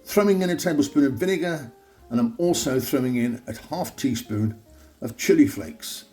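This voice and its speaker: A man's voice: medium pitch, animated, moderate pace. A man hosting his own cooking show, chatting cheerfully as he walks through each step of a recipe. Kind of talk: cooking demonstration. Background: soft guitar music.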